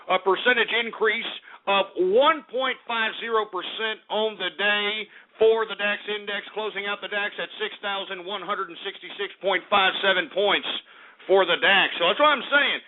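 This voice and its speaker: Brash male radio host with a high voice, boastful and excitable, heard over a thin phone-quality line. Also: normal speed. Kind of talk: talk radio market report. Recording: tinny, phone-like radio sound.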